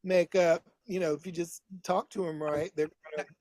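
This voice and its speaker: A man's voice: high-pitched, moderate pace, darkish tone, no echo. A middle-aged man in drag persona, a guest telling bawdy stories in campy casual chat over a video call, calling people honey.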